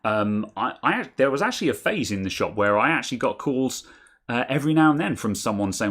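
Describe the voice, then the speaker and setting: A man's voice: lively intonation, a little fast, a bit bright. A man from England co-hosting a casual chat, telling rambling anecdotes from his old computer shop. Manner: rambling anecdotes, shifts to high exaggerated voices when quoting. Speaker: co-host, former computer shop owner.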